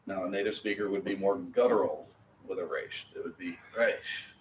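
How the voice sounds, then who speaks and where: Patient male teacher, low voice, roomy. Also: fairly even intonation, brisk, darkish tone. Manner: patient, explains step by step. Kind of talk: classroom lesson. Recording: roomy, from a distance, faint noise.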